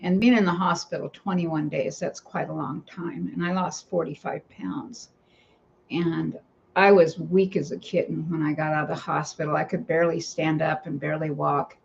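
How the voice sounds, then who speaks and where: A woman's voice: low voice, steady tone, moderate pace, creaky, a little hiss or hum. A woman vlogger telling a personal story in a rambling, casual way, breaking off now and then to talk to her cats at home. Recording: dull lo-fi home recording.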